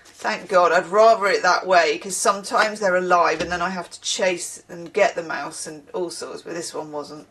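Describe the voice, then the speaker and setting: A woman's voice: lowish voice, steady tone, normal speed, a bit bright, slight background noise. Chatty, tired woman reading tarot. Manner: chatty, digressive, swears casually. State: tired from little sleep. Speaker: tarot reader.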